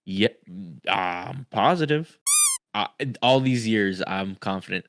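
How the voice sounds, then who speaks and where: A man's voice: lowish voice, animated, slow pace, fairly bright tone, a little hiss or hum. A man in his thirties from Texas, a podcast co-host who teases and laughs easily in casual chat.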